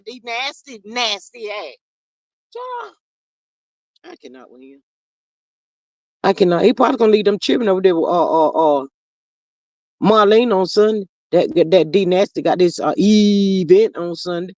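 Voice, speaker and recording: A livestream host in a casual gossip chat, reading out viewers' comments and reacting in a sassy, animated way, often saying "child". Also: mid-range voice, normal speed, pauses often, dry recording, highs cut off.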